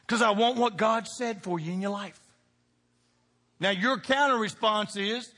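A male pastor with a bright, ringing, slightly high voice, preaching with emphatic punch and folksy asides. He keeps tossing questions out for the congregation to answer. His voice carries a long reverb from a large church hall. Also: animated, moderate pace. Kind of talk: sermon.

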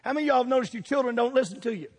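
Husky-voiced preacher man. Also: extremely high pitch, racing, long reverb tail. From United States. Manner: animated, questioning the congregation. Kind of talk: sermon.

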